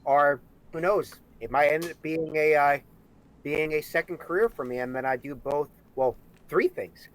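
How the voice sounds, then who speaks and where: Brief: male co-host, earnest chat, slightly high voice. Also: moderate pace, poor audio. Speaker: talk show co-host. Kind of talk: casual chat on a live stream.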